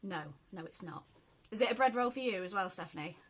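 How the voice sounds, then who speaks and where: A woman's voice: medium pitch, lively intonation, a little fast, fairly bright tone, breathy edge. Chatty woman with a mixed southern and Yorkshire accent. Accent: southern English mixed with South Yorkshire. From southern England. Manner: chatty, greets live viewers by name. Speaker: sewing host. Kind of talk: live sew-along tutorial.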